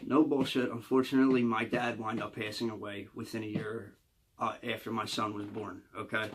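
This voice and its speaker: A man's voice: on the low side, little pitch movement, brisk, background noise. A man with a Philadelphia accent telling true stories from his childhood in a rambling, profane storytime monologue that keeps checking in with the listener. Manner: rambling, profane, keeps adding "you know what I mean" and "okay?".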